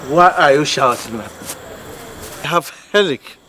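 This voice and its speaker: A man's voice: a little high, expressive, moderate pace, pushed and bright, slight background noise. An actor playing a defiant, argumentative young man with a Ghanaian accent in a Ghanaian film drama.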